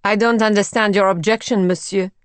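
A woman's voice: medium pitch, expressive, normal speed, gravelly, a little mellow, dry recording. A woman voicing a grim, suspicious female visitor who speaks firmly, coldly and sarcastically. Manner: firm, cold and sarcastic.

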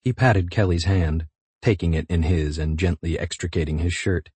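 A man narrating a novel in a measured, intimate reading. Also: sits low, steady tone, a little mellow, slightly rough, dry recording. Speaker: audiobook narrator. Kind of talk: scripted narration.

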